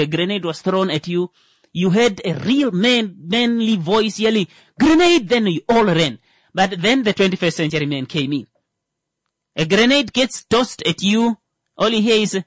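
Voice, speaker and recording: A man performs a comedic monologue in an animated, playful way. His voice rises and falls a great deal as he riffs, sometimes leaping into mocking voices for his bits. The sound is dry and close, with no room in it. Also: high voice, no room sound. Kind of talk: stand-up style comedic monologue.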